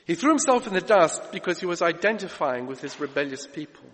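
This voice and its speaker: A man preaching a sermon, emphatic, moving between loud urgent lines and hushed ones. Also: fairly high pitch, very animated, a little fast. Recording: reverberant hall.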